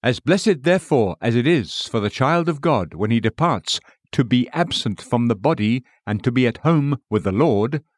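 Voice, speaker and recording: A man reading a Christian devotional book aloud in a measured, solemn voice, slowing down for scripture quotations. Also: mid-range voice, expressive, dry recording, clean studio sound.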